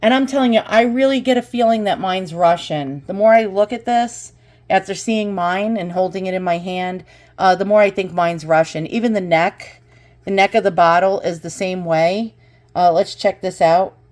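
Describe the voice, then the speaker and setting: A woman vlogger talking through an unboxing and price research, often breaking into excited exclamations. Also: mid-range voice, moderate pace. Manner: excitable, exclaims over finds.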